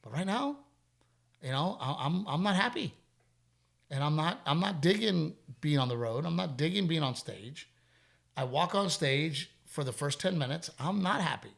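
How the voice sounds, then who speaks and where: A middle-aged man hosting a casual podcast chat, with a slightly raised pitch. He tells stories candidly, circling back and repeating himself when he wants to stress something. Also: lively intonation, normal speed, gravelly. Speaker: podcast host.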